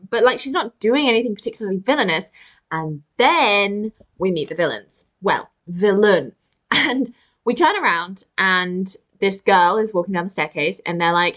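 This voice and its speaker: A woman co-hosting a podcast in relaxed, rambling chat at a medium pitch. She fills her talk with "like" and often slips into playful quoted voices. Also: normal speed. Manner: chatty, full of "like", acts out quotes. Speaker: podcast co-host. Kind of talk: casual chat.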